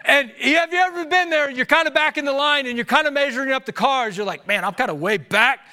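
High, bright-voiced male pastor preaching. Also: fast talker. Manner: animated storytelling, swinging from hushed to shouting; laughs at his own stories. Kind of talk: sermon. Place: church service before a congregation.

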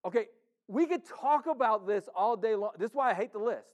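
A man preaching with a fairly high voice. He talks to the congregation like a friend, playfully voicing their excuses. He swings between loud, pushed emphasis and quiet, low asides. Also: expressive, brisk. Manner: conversational, playful, acts out the congregation's inner voice. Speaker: pastor. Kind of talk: sermon.

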